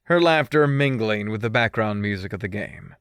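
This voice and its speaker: A man's voice: on the low side, animated, moderate pace, fairly bright tone, clean tone, dry recording, clean studio sound. A male audiobook narrator reading a first-person story with a mischievous, teasing manner.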